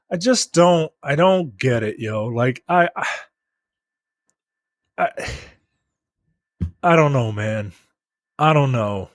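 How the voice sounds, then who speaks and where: A man's voice: medium pitch, no room sound. A man co-hosting a podcast in casual chat, ranting in exasperation with lots of filler words. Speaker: podcast co-host.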